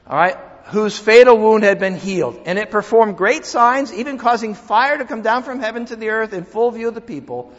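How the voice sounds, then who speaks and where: A man preaches with a high, lively voice, leaning hard on key lines and then dropping into quiet asides. The sound is dull and lo-fi, carrying a long reverb from a church sanctuary. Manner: animated preaching, swings from loud emphasis to quiet asides. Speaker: pastor. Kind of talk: sermon.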